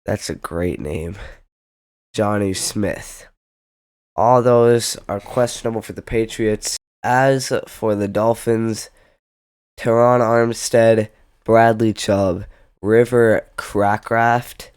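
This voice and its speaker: A man's voice: lowish voice, fairly even intonation, slow pace, darkish tone, clean tone, no room sound. A young man giving casual football predictions, rambling with jokey asides and self-interruptions. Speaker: sports predictions vlogger. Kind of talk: casual football picks commentary.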